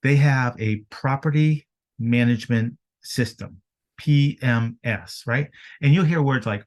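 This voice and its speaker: A man talking business as a podcast guest, energetic and fond of rhetorical questions. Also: mid-range voice, unhurried. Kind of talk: casual business chat.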